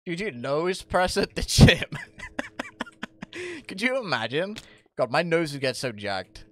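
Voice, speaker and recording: A young male streamer chatting loosely over his gameplay, his voice leaping up and down in pitch as he jokes at his own expense and swears freely. He laughs loudly and often between lines. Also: very animated, moderate pace. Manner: jokey, self-mocking, swears a lot, bursts into loud laughs. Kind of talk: casual live-stream chat, reading chat aloud.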